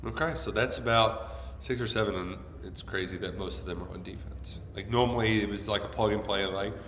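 A man's voice: lowish voice, a little fast, slight background noise. Chatty man in an echoey room. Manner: animated, jokey, sound effects in ad reads. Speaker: podcast co-host. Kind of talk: casual sports podcast chat with ad reads. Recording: echoey room with long reverb.

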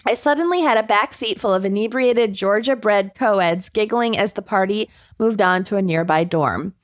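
A woman's voice: mid-range voice, moderate pace, no room sound, clean studio sound. A woman co-hosting a casual podcast, reading listener confessions aloud, laughing often and swearing casually. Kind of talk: casual chat.

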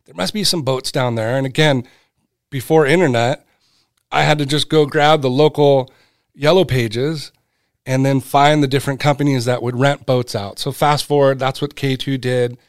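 A man's voice: medium pitch, moderate pace, clear, resonant tone, no echo. A middle-aged man tells a story in a loose, chatty way. He jumps into the voices of the people he quotes, then drops back to his own mid-range voice. The recording is close and dry. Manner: animated, acts out quoted voices. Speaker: guest, brand cofounder. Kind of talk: casual storytelling.

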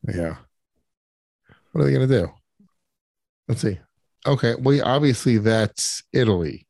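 A man's voice: mid-range voice, expressive, unhurried, vocal fry, darkish tone, dry recording. Brief: male podcast co-host, brash and profane, close dry mic. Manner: profane, boisterous, swears constantly. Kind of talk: crude casual banter. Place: podcast studio.

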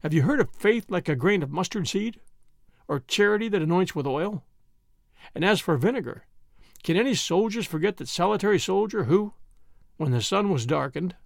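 A man voicing a mild, vague, gently wry priest detective in a dry audiobook reading, quiet and grave by turns. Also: sits high, lively intonation, moderate pace, creaky, no room sound.

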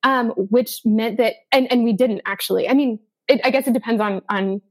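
This woman, an author from Denver in the USA, chats through her story as a podcast guest, sprinkling in plenty of "um" and "like." She speaks at a moderate pace in a fairly high, slightly mellow voice.

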